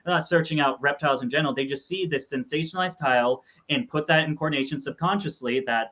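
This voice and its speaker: Blunt host on a dull line. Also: male voice, fairly high pitch, fast, few pauses, fairly bright tone. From United States. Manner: blunt, swears casually. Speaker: podcast host. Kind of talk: casual chat. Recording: dull lo-fi sound.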